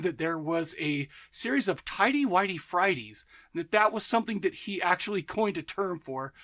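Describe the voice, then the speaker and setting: In a casual monologue, a man hosting a horror film podcast speaks with a high, somewhat bright voice. He is eager and meandering, frequently breaking off to correct himself, and he laughs while performing characters' voices in his stories.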